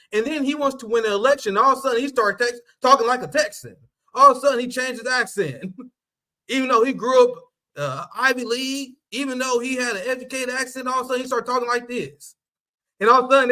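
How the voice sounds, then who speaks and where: A man with a high, bright, sharp voice hosts a casual political livestream. He is blunt and profane and mocks his targets. He laughs at his own punchlines. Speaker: host.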